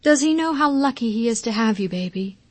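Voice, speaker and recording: A woman voicing a gentle middle-aged mother who speaks tenderly in an audiobook, keeping her voice carefully steady. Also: on the high side, fairly quick, dry recording. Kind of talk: audiobook character reading.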